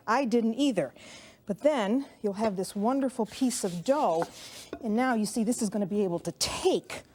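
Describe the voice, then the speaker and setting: Middle-aged lady cooking host, lively up and down voice, a little breathy from rolling dough, faint noise behind. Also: a little high. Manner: chatty, homey step-by-step instruction. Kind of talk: cooking demonstration.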